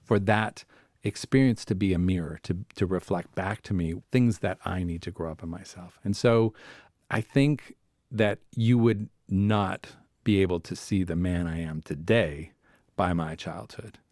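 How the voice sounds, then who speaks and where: A man's voice: deep voice, unhurried, darkish tone, no echo, studio quality. A man, a family therapist, telling personal stories on a podcast in a reflective way and acting out voices within them. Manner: reflective, acts out inner voices in his stories. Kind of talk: conversational podcast storytelling.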